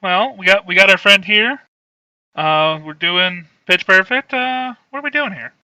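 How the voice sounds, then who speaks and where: A man co-hosts a comedy podcast with a high, piercingly bright voice. He delivers absurd jokes in a deadpan tone. The sound is close and completely dry. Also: unhurried, clear, resonant tone, no room sound, low-quality recording. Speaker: podcast co-host. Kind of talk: casual comedy podcast chat.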